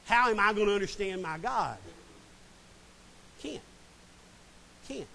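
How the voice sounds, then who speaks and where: Animated pastor preaching. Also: male voice, sits high, slow pace, vocal fry, low-quality recording. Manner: animated, dramatic reading of scripture. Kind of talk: sermon. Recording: faint hiss.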